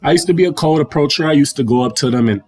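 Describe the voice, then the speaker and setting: A man's voice: on the high side, very fast, a little mellow. A young adult man hosting a livestream, talking in a loose, slangy rant that keeps circling back over the same points. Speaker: livestream host. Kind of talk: casual ranting monologue. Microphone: livestream mic.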